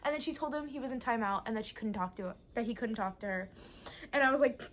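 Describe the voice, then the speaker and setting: Brief: young woman, book vlogger, high-ish voice, excitable and sweary, casual chat. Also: quick pace. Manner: excitable, gushing, swears a lot.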